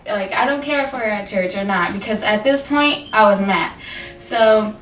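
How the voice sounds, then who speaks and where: A teenage girl casually telling a storytime to her vlog camera, animated and full of fillers and quoted dialogue. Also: mid-range voice, moderate pace. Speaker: vlogger. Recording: echoey room from a distance, faint noise.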